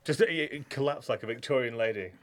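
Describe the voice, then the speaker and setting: A man's voice: mid-range voice, fast, background noise. A man co-hosting a casual podcast, blunt and cracking crude jokes. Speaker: podcast co-host. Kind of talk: casual chat.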